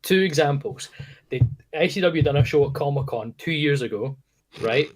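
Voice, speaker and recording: A man's voice: on the high side, moderate pace. A young man chatting casually on a podcast, enthusiastic and casually sweary. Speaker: podcast guest. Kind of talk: casual chat.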